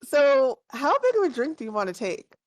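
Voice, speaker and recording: A woman's voice: high voice, big pitch swings, moderate pace, no room sound. A woman narrating a tabletop game as game master, describing scenes in a rambling way full of fillers.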